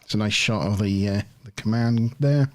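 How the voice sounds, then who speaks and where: A man's voice: on the low side, moderate pace, a little mellow. A man hosting a review podcast, casually recapping an episode scene by scene with a chatty, lightly laughing manner. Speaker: podcast host.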